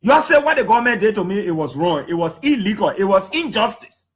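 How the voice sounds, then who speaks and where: A Liberian man in his thirties with a high, bright-pitched voice tells his stories with lively emphasis. His pitch swings up and down as he acts out what others said, and his Liberian English accent is strong throughout. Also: fast talker. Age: 30s. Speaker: human rights defender speaking to the public. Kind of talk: animated storytelling talk.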